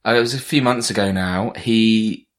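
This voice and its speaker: A young man with a low, grounded voice spins a story in a loose, conversational way. He wanders through fillers and restarts as he goes, and the tone stays relaxed and unscripted. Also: moderate pace. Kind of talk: casual chat.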